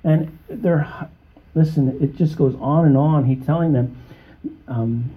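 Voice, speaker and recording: A man preaching with earnest emphasis, his voice sitting a little high and swinging upward when he gets excited. He keeps turning to his listeners with quick check-ins, and the recording sounds dull and muffled. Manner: emphatic, rising to high exclamations; conversational, with frequent check-ins to the congregation. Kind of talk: sermon.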